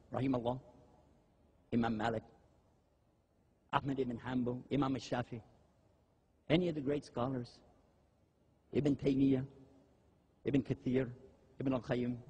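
An older man giving a religious lecture, animated and humorous, often mimicking eager people in a raised voice. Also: fairly high pitch, husky. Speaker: Muslim preacher. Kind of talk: lecture with acted-out asides.

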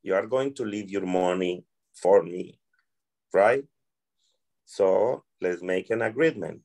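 A man's voice: low voice, slow pace, gravelly, a little mellow. A man from Colombia with a Colombian Spanish accent, a restaurant server answering interview questions earnestly and acting out exchanges with guests.

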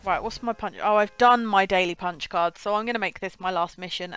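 A young woman giving chatty, excitable commentary while streaming a game. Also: mid-range voice, a little fast, hardly any pauses, clean tone, dry recording. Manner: chatty, excitable, talking to herself. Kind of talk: casual live gameplay commentary.

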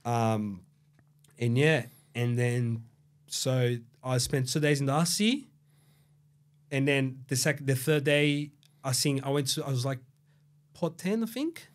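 A man's voice: medium pitch, slow pace, long pauses. A man from Brazil who grew up in Australia, with an Australian accent, telling his story as a podcast guest in a loose, rambling way with lots of swearing and fillers. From Brazil, raised in Australia. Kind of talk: casual storytelling interview.

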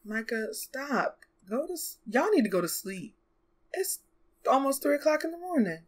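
A young woman giving casual let's play commentary, chatty and exclamatory, bossing her game characters around out loud and gasping and laughing easily. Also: sits high, sing-song. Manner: chatty, scolds and coaxes the game characters aloud; exclamatory, quick to gasp and laugh. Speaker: gaming YouTuber.

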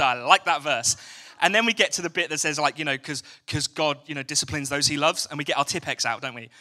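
A young English preacher with a high-leaning, sharp voice moves at a quick pace through a conversational evening sermon. He jokes and questions the congregation in a church hall.

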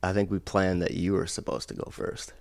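A man with a low, deep voice co-hosts a relaxed podcast. He mostly chimes in with quick questions and teasing remarks, and a faint hiss sits under his voice. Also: creaky. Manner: brief interjections and teasing questions. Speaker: podcast co-host. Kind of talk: casual podcast chat.

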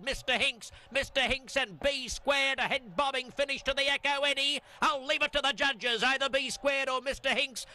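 A man calling a horse race live, with a rapid, rhythmic calling cadence. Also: sits high, pushed and bright. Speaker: race caller.

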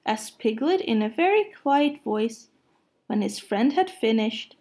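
Gentle storybook reader, woman, slightly high, slow. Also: lively intonation. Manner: gentle, unhurried. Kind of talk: children's storybook read-aloud.

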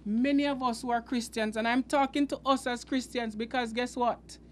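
High-voiced man preaching with halting emphasis. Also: fairly even intonation. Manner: halting, repeats words, earnest and emphatic. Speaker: preacher and host. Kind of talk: unscripted Bible teaching.

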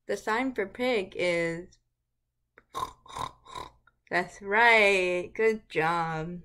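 A woman hosting a children's lesson video, talking gently to small children and making sing-song animal noises. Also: mid-range voice, smooth. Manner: slow, bright voice, sing-song animal noises for little ones. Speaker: early childhood teacher.

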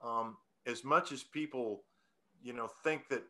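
A male songwriter talking in a relaxed, rambling interview, often restarting his sentences and chuckling as he explains how he came to write a song. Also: mid-range voice, unhurried. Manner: rambling, self-correcting, chuckling. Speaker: songwriter guest. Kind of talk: casual interview talk.

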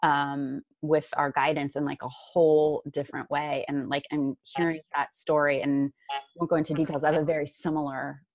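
A woman's voice: low-pitched, level tone, normal speed, dry recording. A woman hosting a casual interview, responding supportively with many fillers and reflections. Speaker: interviewer, host.

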